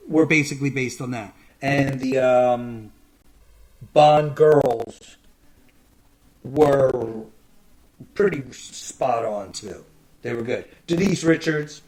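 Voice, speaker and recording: A man in a casual, rambling monologue, often clearing his throat and swearing. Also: medium pitch, a little mellow, poor audio.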